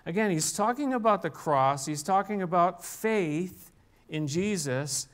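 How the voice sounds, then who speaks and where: An older man preaching a relaxed sermon in a church, conversational and halting, often restarting his sentences. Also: sits high. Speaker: pastor. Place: church sanctuary.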